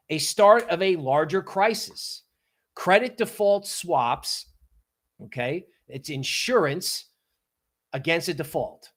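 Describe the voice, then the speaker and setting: A man hosting a livestream of casual market commentary, animated and sarcastic, often acting out mock quotes. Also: medium pitch. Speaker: livestream host.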